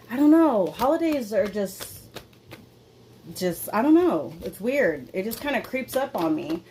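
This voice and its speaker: A woman's voice: medium pitch, darkish tone, a little hiss or hum. A young adult woman hosting a casual confessional podcast at home, rambling candidly with lots of fillers and swearing. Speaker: podcast host. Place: indoor room at home.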